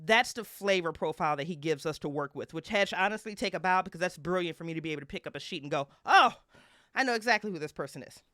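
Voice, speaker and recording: A woman playing in a tabletop game, chatting and exclaiming in an animated way. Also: sits low, quick pace, few pauses, no echo, studio quality. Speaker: player. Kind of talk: casual chat at a game table.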